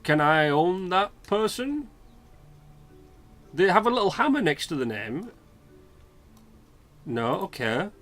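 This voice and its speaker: A man's voice: high-pitched, big pitch swings, slow, long pauses, a bit bright, soft background music. A British man hosting a let's play, rambling chattily and swearing freely while commenting on the game. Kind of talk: casual gameplay commentary.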